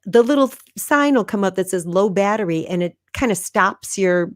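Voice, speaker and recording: A woman's voice: mid-range voice, animated, moderate pace, no room sound, clean studio sound. Encouraging woman coach on a video call. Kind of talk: casual live interview chat. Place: room at home.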